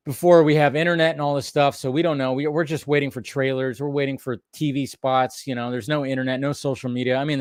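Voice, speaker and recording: A man in his thirties hosting a casual stream, telling a story in an animated way, swearing and raising his voice at times. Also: medium pitch, dry recording, clean studio sound. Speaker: podcast host.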